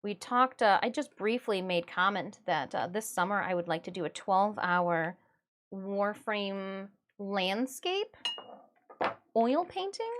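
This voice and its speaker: A woman's voice: mid-range voice, expressive, takes it slowly, fairly bright tone. A woman from Michigan chatting casually on a livestream, chatty and self-mocking, often breaking into giggles. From Michigan, USA. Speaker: livestreamer and artist.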